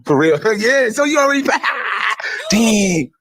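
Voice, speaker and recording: A man's voice: sits high, big pitch swings, slow, a bit bright. A man chatting on a live stream, slangy and celebrating. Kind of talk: excited group chat.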